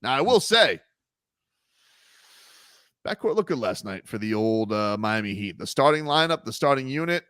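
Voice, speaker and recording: A man's voice: medium pitch, sing-song, normal speed, pauses often, a bit bright, smooth, no echo, studio quality. A man hosting a sports radio show, teasing his co-hosts and joking in casual banter. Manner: playful, teasing, puts on goofy voices.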